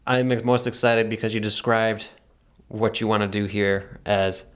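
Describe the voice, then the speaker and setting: A man hosting a podcast in casual chat, animated and laughing often, his voice jumping up when excited. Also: lowish voice, a little slow. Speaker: podcast host.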